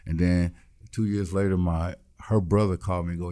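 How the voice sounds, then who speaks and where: Deep low-voiced dude, warm dark tone, telling his life story blunt and animated, mimics people as he goes. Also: brisk. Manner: blunt, swears freely. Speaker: musician guest. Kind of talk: casual interview storytelling.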